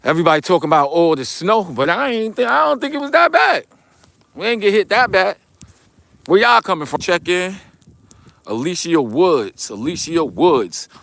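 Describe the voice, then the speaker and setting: A man with a New York accent chats casually on a livestream while walking outdoors, greeting viewers and answering their comments in relaxed slang. His voice sits a little high for a man. The sound is close and dry. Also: fairly quick, creaky, dry recording. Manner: laid-back, reads chat comments aloud, loose slangy talk. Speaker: livestream vlogger. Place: outdoors on a snowy street, walking.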